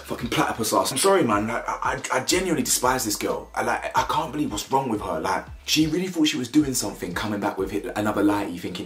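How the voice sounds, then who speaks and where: A man's voice: fairly low pitch, lively intonation, fast, hardly any pauses, fairly bright tone. Blunt, slangy British young man. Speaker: reality show commentator. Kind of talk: opinionated reaction commentary. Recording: echoey room with faint music.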